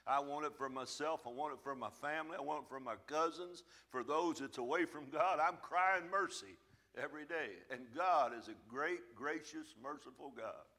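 A man's voice: on the high side, normal speed, pushed and bright. A man preaching a sermon in church, emphatic and plain-spoken, his volume swelling and falling back. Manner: folksy, plain-spoken phrasing. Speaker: pastor.

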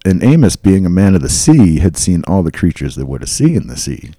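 Low, mellow male podcast host. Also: big pitch swings, fairly quick, no echo, studio quality. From New England. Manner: reads accounts aloud with asides and fillers. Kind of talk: casual storytelling from notes.

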